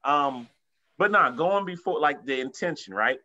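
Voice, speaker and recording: A man's voice: on the high side, expressive, a little slow, pushed and bright, highs cut off, slight background noise. A man leading an informal Bible class, talking casually and coaxing people to share, with a lot of "like" fillers. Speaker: church class leader.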